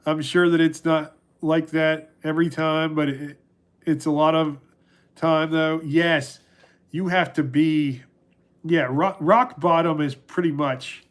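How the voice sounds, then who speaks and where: A middle-aged man hosting a casual livestream, talking through chat questions in a rambling, halting way with many restarts. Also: on the high side, steady tone. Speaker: livestream host answering chat.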